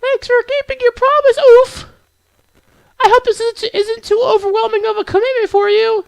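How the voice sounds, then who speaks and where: A man voicing a confident teenage girl who leads a school club, teasing and smooth, while playing a visual novel. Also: very high-pitched, little pitch movement, normal speed, no echo, voice pushed up. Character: poised, confident teen girl club president.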